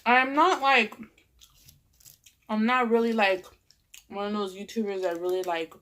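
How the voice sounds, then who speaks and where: A woman's voice: medium pitch, steady tone, measured pace, a bit bright. A young woman with a Californian accent, stuffed up from a cold, rambling casually while eating in a vlog. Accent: Californian English. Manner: rambling, chatty, lots of "like" and fillers. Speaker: vlogger.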